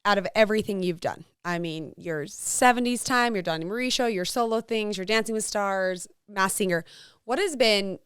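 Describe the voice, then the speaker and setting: A woman's voice: medium pitch, moderate pace, fairly bright tone, clear, resonant tone, no room sound, studio quality. A woman co-hosting a podcast interview, asking eager questions and gushing with lots of affirming yeahs. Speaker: podcast co-host. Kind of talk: casual interview chat.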